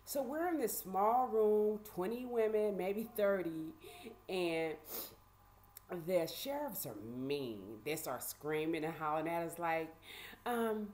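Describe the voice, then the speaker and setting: A woman vlogger casually telling a personal story, animated and conversational with lots of fillers. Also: fairly low pitch, slow, a little hiss or hum.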